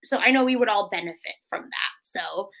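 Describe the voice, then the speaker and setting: A woman co-hosting a casual podcast, telling animated stories and acting out quotes. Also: mid-range voice, moderate pace, vocal fry. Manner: animated storytelling with acted quotes. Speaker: podcast co-host. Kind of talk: casual chat.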